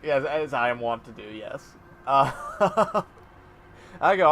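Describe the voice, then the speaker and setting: A man's voice: medium pitch, sing-song, takes it slowly, fairly bright tone, a little hiss or hum. A man co-hosting a gaming show, casually telling a long story and often laughing mid-sentence. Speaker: co-host playing a video game.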